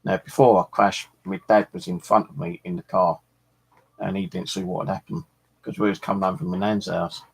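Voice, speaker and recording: Gravelly-voiced man from England. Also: low-pitched, little pitch movement, brisk, low-quality recording. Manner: chatty storyteller, swears freely. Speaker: fishing channel host. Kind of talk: rambling casual chat.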